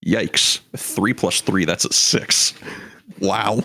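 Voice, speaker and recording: Male player, deep voice, matter-of-fact, dry humor. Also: fairly even intonation, slow pace, sharp tone. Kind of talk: tabletop game narration as a player.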